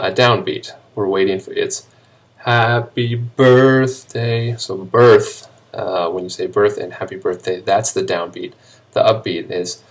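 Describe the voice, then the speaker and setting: A man teaching a recorded high school music lesson, explaining terms in a relaxed way with frequent ums and pauses. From United States. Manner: relaxed explaining with many ums, sings short melody examples slowly. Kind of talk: recorded classroom video lesson.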